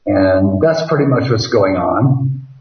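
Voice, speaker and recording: A man's voice: on the low side, lively intonation, takes it slowly. A man joking wryly as a guest on a radio show over a video call. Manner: joking, wry. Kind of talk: casual interview. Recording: echoey, distant and dull call audio.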